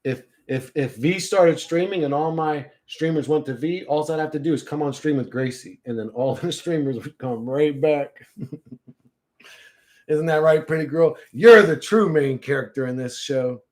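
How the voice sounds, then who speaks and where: A man's voice: fairly high pitch, moderate pace. A man talking on his livestream in a casual, emotional way, swearing and laughing as he goes. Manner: animated, emotional, profane; laughs often mid-sentence.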